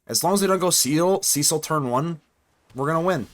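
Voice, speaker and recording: A man hosting his channel, giving live gameplay commentary in a chatty, excitable way, thinking aloud as he plays. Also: on the high side, brisk. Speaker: card game streamer and channel host.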